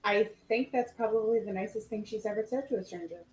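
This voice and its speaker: A woman player in a tabletop game, chatty and quick to laugh. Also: mid-range voice, darkish tone, low-quality recording. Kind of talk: casual tabletop game chat.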